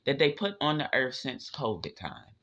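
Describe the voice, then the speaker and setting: Male tarot reader, forceful and emphatic, casual profane delivery on a muffled recording. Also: sing-song, moderate pace. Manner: emphatic, profane, drifting pitch. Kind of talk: casual spiritual reading. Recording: dull lo-fi audio.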